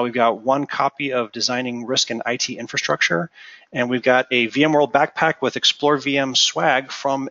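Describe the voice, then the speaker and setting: A man hosting a casual tech webinar, relaxed and chatty with lots of ums. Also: medium pitch, dry recording, muffled recording. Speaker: host.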